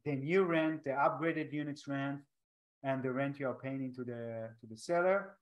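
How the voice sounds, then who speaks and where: A man with an Israeli accent, a native Hebrew speaker, hosting a casual interview over a video call, speaking haltingly with frequent restarts and non-native grammar. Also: mid-range voice. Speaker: podcast host.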